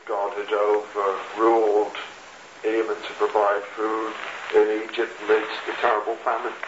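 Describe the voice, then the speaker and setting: A man preaching a sermon, reading scripture slowly and deliberately. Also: on the low side, completely flat delivery. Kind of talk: expository sermon. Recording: echoey lo-fi radio recording with noise.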